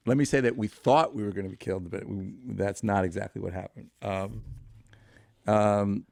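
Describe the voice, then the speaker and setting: A man's voice: fairly low pitch, steady tone, normal speed, gravelly, a little mellow, no echo, studio quality. A man in his fifties, a podcast guest, telling a long anecdote in a rambling way, full of fillers and restarts. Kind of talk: storytelling in a podcast interview.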